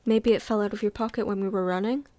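A woman's voice: on the high side, fairly even intonation, moderate pace, gravelly, darkish tone, dry recording. A woman reading aloud and voicing an earnest, principled teenage witch girl who speaks fervently. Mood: indignant.

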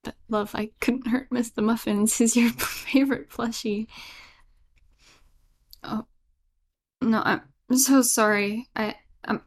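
A woman voicing a clingy, obsessive yandere girlfriend in a whispered role-play, soft and stammering, with frequent giggles. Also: on the high side, fairly even intonation, takes it slowly, long pauses. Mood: nervous, apologetic.

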